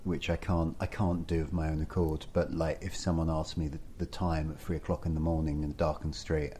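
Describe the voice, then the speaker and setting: A man, co-hosting a podcast in easygoing, animated conversation. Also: very deep voice, brisk, slight background noise. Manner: chatty, animated, self-deprecating. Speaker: podcast co-host. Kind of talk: casual conversational chat.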